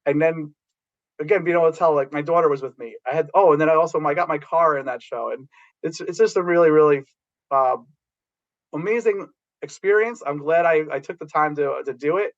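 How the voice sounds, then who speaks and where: A middle-aged man tells stories in a loose, rambling way, full of restarts. His voice sits a little high for a man. The recording sounds dull and lo-fi. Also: brisk. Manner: rambling, animated storytelling with restarts. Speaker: guest, background actor. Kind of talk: casual anecdote telling.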